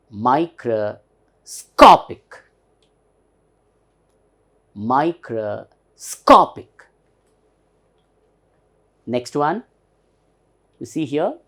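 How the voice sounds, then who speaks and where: A man with an Indian English accent teaching a lesson, slowly repeating and stressing the example words. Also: on the high side, darkish tone. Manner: slow, repeats example words several times; stretches and stresses the demonstrated words. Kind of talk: recorded classroom lesson.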